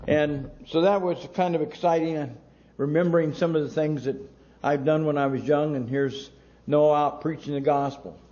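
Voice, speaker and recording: Male pastor, sermon delivery, slow and emphatic, mellow tone, lo-fi sound. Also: on the high side. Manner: slow, emphatic preaching with long pauses between words.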